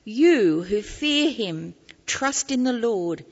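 A woman reading scripture aloud in church, slow and deliberate. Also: fairly high pitch, expressive, in a large hall, lo-fi sound. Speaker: scripture reader.

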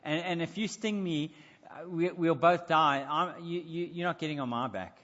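A man's voice: moderate pace, close to an everyday voice. A man voicing a suspicious frog who stammers as he refuses a scorpion, in a story told in a sermon. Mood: wary. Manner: hesitant, stammering, lower and quieter. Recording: dull sound with echoey hall.

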